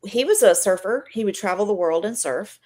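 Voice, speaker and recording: A woman's voice: mid-range voice, expressive, fairly quick, a little mellow. A middle-aged woman, guest on a live stream, telling an emotional faith and healing story in a chatty, earnest way.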